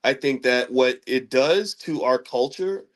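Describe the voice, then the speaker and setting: A man's voice: medium pitch, measured pace. A middle-aged man from Kentucky hosting an opinion commentary, preachy, throwing rhetorical questions at his audience. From Louisville, Kentucky. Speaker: host.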